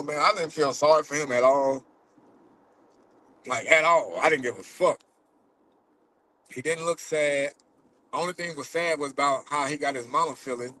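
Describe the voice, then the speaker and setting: A man's voice: a little high, pushed and bright, slight background noise, rough recording. Man fighting back tears while talking. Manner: loose and profane, many fillers. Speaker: vlogger who catches predators. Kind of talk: casual vlog talk to viewers. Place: in a car while driving.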